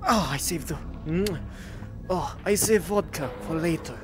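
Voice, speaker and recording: A man's voice: a little high, a little slow, soft background music, natural voice. Man putting on a Russian vodka-loving soldier. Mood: boastful. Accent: put-on Russian. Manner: broken English, loud and theatrical. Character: boisterous vodka-obsessed Russian male soldier.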